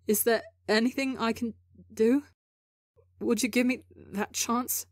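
A woman's voice: medium pitch, slow pace, darkish tone, no echo, studio quality. A woman reading a desperate, apologetic young man in a story, pleading with stammers and broken restarts. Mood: earnest. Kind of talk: audiobook character reading.

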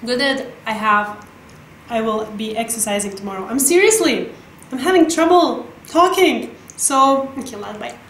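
Excitable woman gushing in an echoey kitchen. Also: moderate pace, slight background noise. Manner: gushing, excitable, breaks into squeaky voice. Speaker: cooking vlogger. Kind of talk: casual cooking vlog. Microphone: camera mic, some distance away.

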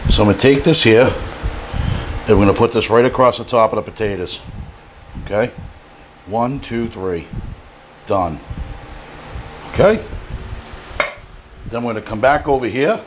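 A man's voice: medium pitch, animated, normal speed, pauses often, noisy background. A man hosting a cooking show, demonstrating a recipe in a playful, jokey and enthusiastic way.

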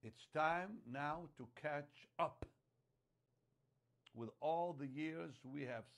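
A man preaching a sermon, emphatic and repetitive, dropping to a hush and then rising loud on key phrases. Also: on the high side, slow, gravelly. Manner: emphatic, repeats phrases, swings from hushed to loud.

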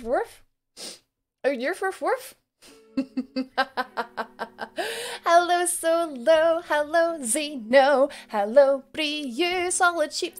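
A young woman live streamer chatting casually and playfully with her viewers. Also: high voice. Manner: bubbly and playful, jokes with chat. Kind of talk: casual chat greeting viewers.

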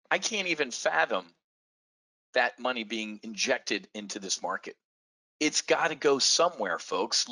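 A man delivers a lively trading webinar pitch, calling out to the folks listening. His voice is bright and forceful, with sudden jumps in pitch to hammer home each point. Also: rough recording. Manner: animated, folksy, speaks straight to the listeners. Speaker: options trading webinar presenter. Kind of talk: energetic trading pitch to an audience.

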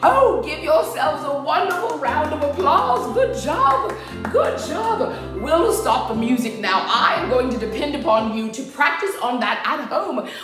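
Giggly, animated woman reading to children. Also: high voice, moderate pace, hardly any pauses. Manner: giggly, theatrical, often exclaiming "oh dear". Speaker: children's storytime host. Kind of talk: playful storytime talk to children. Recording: very echoey room with faint music.

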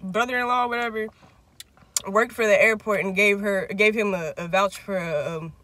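A young man chats casually, spinning a long, profane story. His voice is bright and forward, and he throws in big, lively pitch jumps whenever he acts out quotes. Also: moderate pace. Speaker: vlog host.

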